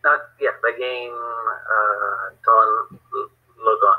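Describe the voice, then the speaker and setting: A hesitant male student answers slowly in an online class, pausing and filling gaps with fillers. His voice sounds muffled and dull through a video call. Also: lowish voice, steady tone. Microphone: computer mic on a video call.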